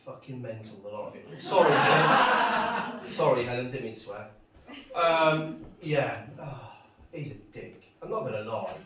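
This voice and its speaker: A man's voice: medium pitch, animated, measured pace, fairly bright tone. A middle-aged man performing a chatty stand-up set in a pub, bantering with the crowd. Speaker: stand-up comedian. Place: pub gig room. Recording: echoey pub room, distant mic.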